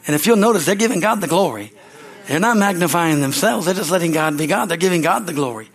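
High-voiced older male pastor preaching. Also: animated, quick pace. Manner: repetitive, asks the congregation "Amen?"; folksy, tells anecdotes with laughter. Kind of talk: sermon.

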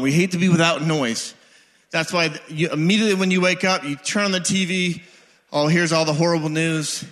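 A man's voice: high-pitched, sharp tone. A man, preaching a casual, conversational sermon in a church hall. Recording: hall with long reverb.

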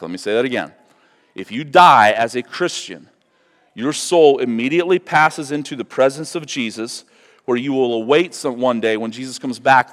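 A man preaching a sermon as pastor, reading scripture aloud with loud emphatic passion. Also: mid-range voice. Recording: long reverb of a large hall.

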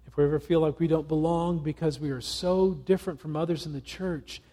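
Husky, mellow-voiced male pastor preaching. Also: a little high, steady tone. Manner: earnest, reads passages aloud with pauses. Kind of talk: sermon.

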